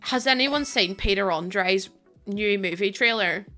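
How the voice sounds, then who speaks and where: Bright-voiced chatty woman streamer. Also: medium pitch, a little slow, soft background music. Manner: chatty, laughs often, reads out and thanks chat. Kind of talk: casual live-stream chat.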